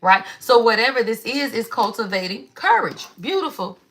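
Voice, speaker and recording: A woman's voice: fairly high pitch, normal speed, a bit bright. A woman giving a casual spiritual card reading, chatty and emphatic, often saying "y'all".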